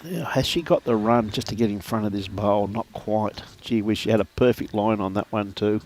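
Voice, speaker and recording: A chatty Australian man commentates a lawn bowls match from beside the green, his voice sitting low. He keeps breaking off to laugh and to greet viewers by name in an easygoing live sports commentary style. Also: normal speed, a little mellow.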